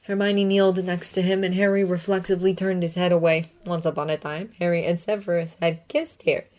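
A woman reading a fanfiction story aloud with expressive, emotive delivery. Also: fairly low pitch, a little fast. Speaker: reader.

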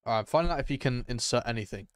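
A young man chatting excitedly to his viewers as he streams a game, reacting loudly and calling out to chat. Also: mid-range voice, fast, clear, resonant tone, dry recording, clean studio sound. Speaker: gaming streamer. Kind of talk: live gameplay commentary.

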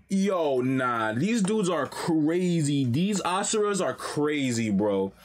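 A young man streaming a live reaction to a comic, talking in an animated, slangy, excitable way. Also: a little high, takes it slowly.

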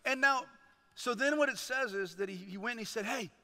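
A male chaplain preaches with lots of energy and keeps checking in with his listeners. His voice sits high and bright, almost sharp. Long reverb from the church hall trails after each phrase. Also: brisk. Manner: animated, calls to the congregation with "right?". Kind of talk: energetic sermon retelling a parable. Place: church sanctuary.

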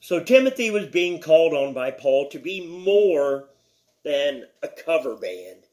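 Slow, higher-voiced man teaching scripture. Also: big pitch swings, darkish tone. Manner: slow, deliberate, with repeated phrases and restarts; reads scripture aloud with emphasis. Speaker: Bible teacher. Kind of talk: devotional Bible teaching.

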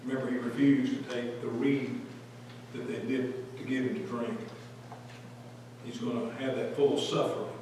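A man teaching a Bible study in church, quoting verses with animated voices and asking the class questions. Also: medium pitch, moderate pace, a little hiss or hum. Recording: echoey room taped from a distance.

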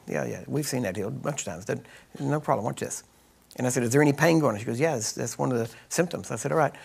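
A man's voice: on the high side, creaky, slightly rough. A man with a Texan accent teaching a healing ministry class, telling chatty stories, laughing often and acting out the voices he quotes. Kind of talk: storytelling teaching session.

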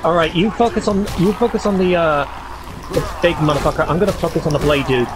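A man playing a co-op game, excited and swearing. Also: a little high, fast, background noise. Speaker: gamer playing co-op. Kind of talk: casual gaming chat.

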